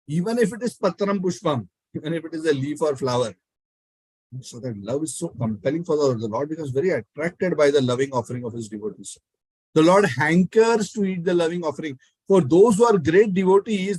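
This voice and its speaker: Male spiritual speaker, lively storyteller, a bit high-pitched, dry sound. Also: husky, no room sound, low-quality recording. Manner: animated, acts out the characters. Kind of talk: devotional storytelling talk.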